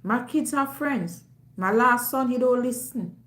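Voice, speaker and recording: A Jamaican woman hosting a live stream, talking in a loud, emphatic, forthright way. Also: fairly high pitch, a little slow. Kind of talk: casual live-stream chat. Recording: roomy echo.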